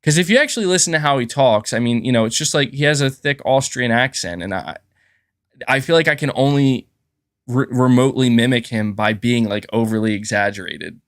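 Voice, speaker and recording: Speaking a little fast in a mid-range, slightly bright voice, a man with a sore throat hosts a casual gaming stream, rambling and thanking his viewers. The studio sound is clean with no echo.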